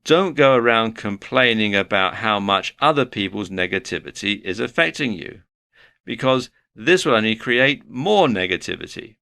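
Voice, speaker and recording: A man's voice: lowish voice, lively intonation, normal speed, vocal fry, sharp tone, no room sound, studio quality. A man giving a motivational lecture, earnest and advice-giving, working through his points one by one. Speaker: online course instructor.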